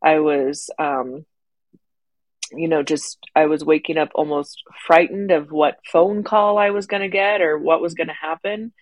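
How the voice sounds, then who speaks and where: A woman's voice: low voice, steady tone, measured pace, no echo, poor audio. A woman co-hosting a podcast, talking in a reflective, rambling way with many fillers in unscripted conversation. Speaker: podcast co-host.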